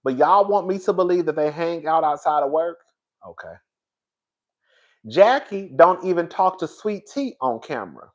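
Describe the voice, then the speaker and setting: A man with a high, bright-edged voice talks through a live stream in a sassy, animated way. He keeps calling his viewers "girl," laughs a lot and swears without a second thought. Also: moderate pace. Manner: laughs often, swears freely. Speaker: reality TV show reviewer. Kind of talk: live-stream commentary, reading chat.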